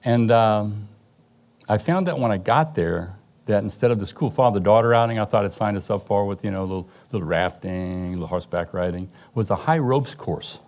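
Middle-aged man, low warm voice, halting storyteller giving a personal testimony. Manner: storytelling, halting restarts, occasional laughs.

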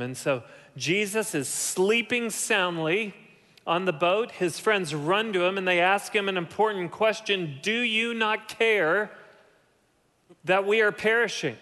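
A man preaching a sermon, animated, often dropping to soft, low tones for emphasis. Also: a little slow. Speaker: pastor. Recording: long hall reverb.

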